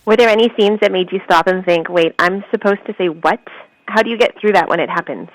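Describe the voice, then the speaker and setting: A woman's voice: mid-range voice, brisk, dry recording, low-quality recording. Woman, author interviewer, prepared questions, friendly, dry close sound.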